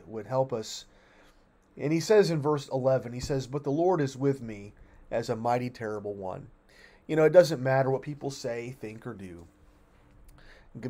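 A man leading a weekday family devotion as pastor, earnest and emphatic, often restarting his phrases as he explains a bible passage. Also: darkish tone. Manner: earnest, emphatic, rises in pitch and volume when reading scripture; frequent restarts and fillers.

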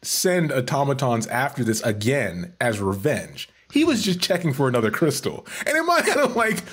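A man's voice: sing-song, normal speed, fairly bright tone, slightly rough. A man co-hosting a podcast, chatty and jokey while discussing a game's story. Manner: chatty and jokey, lifting his pitch for punchlines. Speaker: podcast co-host. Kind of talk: casual lore discussion.

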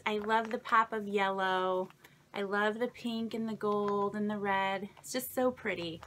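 There's a little hiss or hum behind this medium-pitched woman's voice. She's a young vlogger opening crafting presents on camera, chatting casually, gushing with exclamations and gentle laughs while repeatedly saying thank you to the sender.

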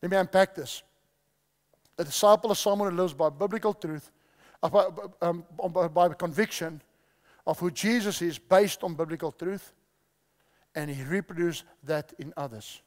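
A man's voice: fairly high pitch, moderate pace. A male preacher giving a sermon, repeating key phrases and quizzing the audience, in a large church hall. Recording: long hall reverb.

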